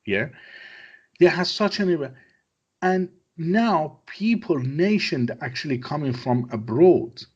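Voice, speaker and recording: An Iranian man whose first language is Persian is a guest in a conversational interview, speaking emphatic English and repeating his phrases. His voice is on the high side, husky and expressive, and he speaks slowly. The recording sounds muffled.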